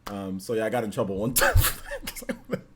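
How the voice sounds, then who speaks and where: A man hosting a casual livestream chat, telling animated stories and laughing often. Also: lowish voice, quick pace, husky. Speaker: host. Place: indoors under studio lights. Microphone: on camera.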